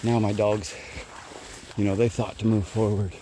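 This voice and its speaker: Guy walking the woods training his bird dogs, deepish voice, noisy outdoor recording. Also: flat delivery, moderate pace. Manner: calls loudly to his dogs while explaining. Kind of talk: walking field narration to camera. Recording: outdoor field recording with noise. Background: birds and outdoor sounds.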